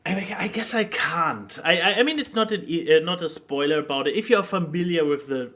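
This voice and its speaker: A man co-hosting a casual podcast, talking haltingly with lots of pauses and restarts. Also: a little high, pushed and bright. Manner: halting, many fillers and restarts. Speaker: podcast co-host.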